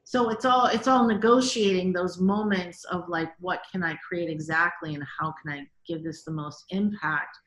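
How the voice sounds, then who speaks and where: Animated woman guest director, bright-toned, chatty, roomy sound. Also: fairly low pitch. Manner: animated, quick, many "like"s and quoted reactions. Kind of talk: casual interview storytelling.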